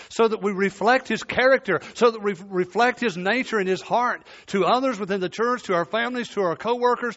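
A man preaching a sermon, emphatic and repeating key phrases, his voice sinking low at the ends of points. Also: a bit bright, muffled recording.

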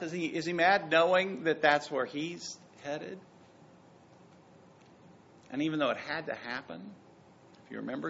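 High, gravelly-voiced preacher man. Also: measured pace, long pauses, muffled recording, slight background noise. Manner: emphatic, swings between loud and soft. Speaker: pastor. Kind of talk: sermon.

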